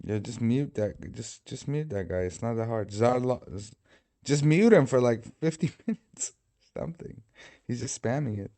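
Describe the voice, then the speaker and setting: A man's voice: mid-range voice, lively intonation, moderate pace, gravelly, warm tone. Guy hosting a live stream, laid back, jokes around and swears a lot, sits at his desk mic. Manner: joking, swears freely. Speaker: livestream host. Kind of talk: casual live commentary.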